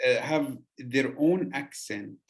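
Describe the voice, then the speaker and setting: A man from Yemen, a podcast host talking earnestly in casual conversation, pausing on "uh". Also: mid-range voice, gravelly.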